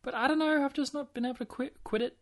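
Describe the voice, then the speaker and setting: A man's voice: very high-pitched, fairly even intonation, quick pace, fairly bright tone. A man co-hosting a podcast in casual chat, rambling and wry, with many fillers and restarts. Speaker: podcast co-host.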